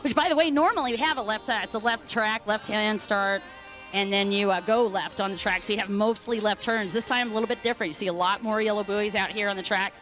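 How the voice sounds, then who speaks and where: Fast, chatty female race commentator. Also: medium pitch, a bit bright, soft background music. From Dallas, Texas. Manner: chatty, upbeat, quick-talking. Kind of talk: live sports commentary.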